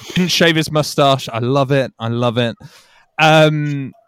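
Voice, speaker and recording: A man's voice: mid-range voice, unhurried, a bit bright, smooth, no room sound, clean studio sound. A British man co-hosting a film podcast, chatting casually and enthusiastically, often laughing and acting out scenes. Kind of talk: casual chat.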